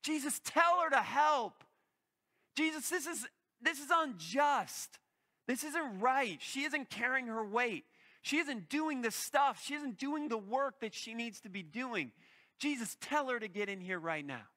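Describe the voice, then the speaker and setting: A man's voice: high-pitched, lively intonation, a little slow, pushed and bright, exaggerated voice. A preacher voicing a frantic, indignant woman who complains that she has been left to do all the work. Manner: exasperated, complaining.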